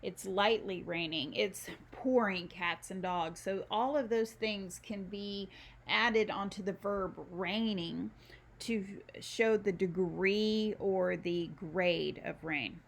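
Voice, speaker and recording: A woman teaching a recorded university lecture, explaining slowly with frequent ums and pauses while walking through a document. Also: medium pitch, vocal fry. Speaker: university instructor. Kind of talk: recorded screen-share lecture.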